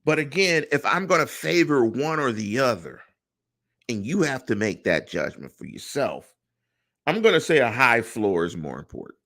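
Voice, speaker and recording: A man's voice: mid-range voice, big pitch swings, normal speed, fairly bright tone. A middle-aged man hosting a solo sports podcast, talking through his opinions and putting rhetorical questions to his listeners. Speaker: podcast host.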